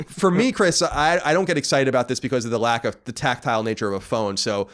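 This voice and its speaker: A man's voice: mid-range voice, fast talker, fairly bright tone. A man co-hosting a casual podcast, reading out news and joking loosely with his co-host.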